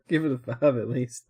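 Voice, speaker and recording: A man's voice: medium pitch, dark tone, slightly rough. Laughing, rambling young man. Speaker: co-host. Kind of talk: casual chat reviewing shows.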